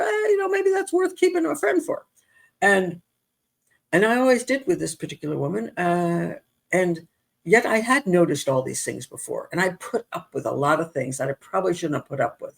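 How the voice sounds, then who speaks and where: This advice-show host is a middle-aged woman whose voice sits on the low side and sounds gravelly and husky. Exasperated and casual, she recounts something that happened to her, breaking off and starting over again and again with lively energy.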